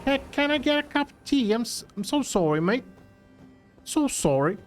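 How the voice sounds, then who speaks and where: A man voicing a cheeky British bloke who is quick and brash. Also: very high voice, very animated, faint music behind, pitched above the performer's own voice. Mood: apologetic. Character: cheeky British bloke, young adult male.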